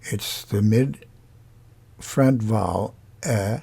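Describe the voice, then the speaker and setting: A man teaching a lesson on vowels, explaining slowly and demonstrating each sound aloud. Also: medium pitch, creaky, dark tone, slightly rough. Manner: unhurried, pausing often, demonstrating sounds. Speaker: singing teacher.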